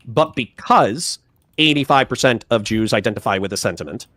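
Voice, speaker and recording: Man, podcast host, wry, casual, swears, mid pitch, dry sound. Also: no room sound. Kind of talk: debate discussion.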